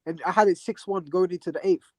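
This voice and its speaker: Higher-voiced man breaking down a fight. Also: fairly even intonation, fast, no echo. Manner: earnest, repeats words and restarts often. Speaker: panel guest. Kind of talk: boxing fight analysis.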